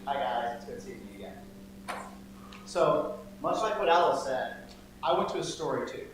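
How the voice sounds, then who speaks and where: A man's voice: mid-range voice, moderate pace. Playful man leading an interactive story. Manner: playful and animated, coaxing the crowd to join in. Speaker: lay speaker telling a children's story. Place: church sanctuary. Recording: echoey church hall, faint hum.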